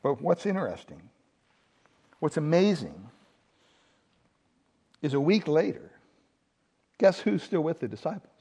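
A male pastor giving a Sunday sermon, animated and humorous, asking the congregation rhetorical questions. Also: fairly high pitch, a little slow, vocal fry, long pauses, husky.

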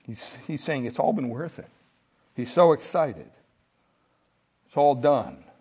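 A man's voice: on the high side, measured pace, a little mellow, husky. A man preaching a sermon with emphasis, asking the congregation rhetorical questions. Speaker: pastor.

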